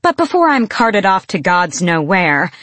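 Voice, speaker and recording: A woman's voice: mid-range voice, big pitch swings, normal speed, no echo, pitched above the performer's own voice. A woman voicing a sly, drawling fae woman. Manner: drawling, teasing. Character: wry, guarded young fae woman, sly and bold.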